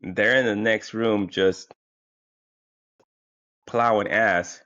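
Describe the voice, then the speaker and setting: Speaking extremely slowly in a lowish, sharp voice with fairly even intonation, a male podcast host rambles through a funny story, swearing and restarting with lots of fillers while sounding a little tired. It's casual comic storytelling, and the dull lo-fi recording is dry with no room sound.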